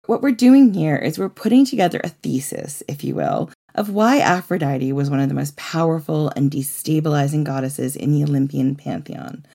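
Woman, podcast co-host, gravelly, low, quick excited chat. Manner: excited, fast, bubbly.

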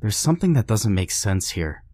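A man's voice: fairly low pitch, very animated, normal speed, dark tone. A man voicing a frightened young friend in a horror story, talking in a hesitant, trembling way.

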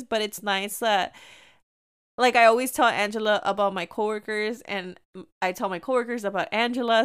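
A woman's voice: medium pitch, fairly bright tone, clean tone. A young woman hosting a podcast, telling a casual story full of "like" and mixing English with Spanish. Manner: chatty, switching between English and Spanish, lots of "like". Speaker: podcast host.

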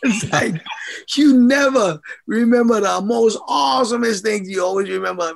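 High gravelly man. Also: moderate pace. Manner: animated, laughing often, acts out quotes. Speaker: former amateur boxer, guest. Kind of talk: casual storytelling interview.

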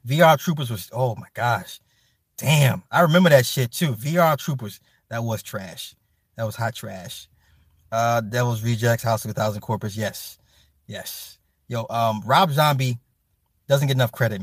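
A man hosting a livestream, chatting casually and reading comments, loose and profane, with loud animated outbursts. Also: mid-range voice, normal speed, no room sound, clean studio sound. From Chicago. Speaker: livestream host reading chat. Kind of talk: casual chat.

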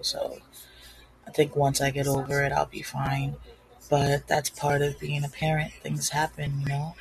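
A woman's voice: deep voice, vocal fry, a little mellow, low-quality recording. A woman hosting her own podcast in a rambling, candid, casual way. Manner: rambling, candid, self-deprecating. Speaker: podcast host. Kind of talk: casual solo podcast chat. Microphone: home recording setup.

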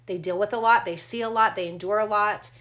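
A woman co-hosts a true crime podcast with a mid-range, slightly bright voice and a brisk pace. She talks casually, sounds blunt and indignant, and swears freely.

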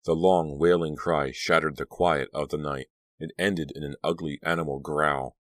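A man with an extremely deep voice narrates a horror audiobook at a moderate pace, steady and dramatic. The sound is dry and close-miked with almost no room echo.

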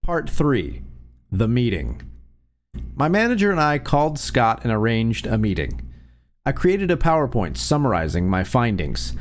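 A man narrating an online revenge story in a scripted, expressive storytelling read. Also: mid-range voice, measured pace. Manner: lively, expressive storytelling reading.

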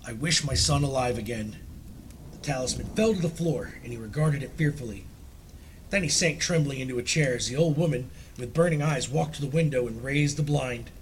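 A man telling a ghost story aloud in a dramatic, suspenseful reading, sinking low and quiet at tense moments. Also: fairly quick, slight background noise.

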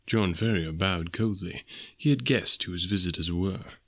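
A man narrating a classic novel in a measured, even storytelling manner. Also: sits low, no room sound. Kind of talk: audiobook narration.

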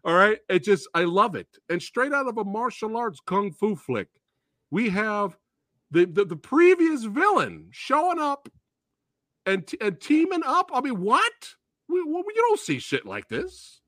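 A man's voice rises and falls all over the place as he rants with glee about movies he loves, dropping curses along the way. His tone is bright and forward, and the recording is dry and close, with almost no room sound. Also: sits high, unhurried, no room sound. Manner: excitable, profane, acts out movie quotes. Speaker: podcast host. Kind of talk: casual movie chat.

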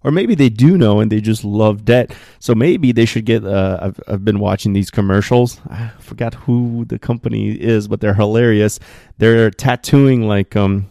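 Low-voiced man, podcasting from home. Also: normal speed, gravelly, dry recording, clean studio sound. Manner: animated, gets worked up, many fillers. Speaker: podcast host. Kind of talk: solo podcast monologue. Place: spare room at home.

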